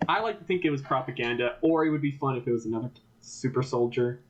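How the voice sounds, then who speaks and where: Animated man reviewing a film. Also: medium pitch, fast, few pauses. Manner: animated, acts out characters in quoted voices. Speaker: podcast co-host. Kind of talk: casual film review chat. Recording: dull lo-fi podcast audio.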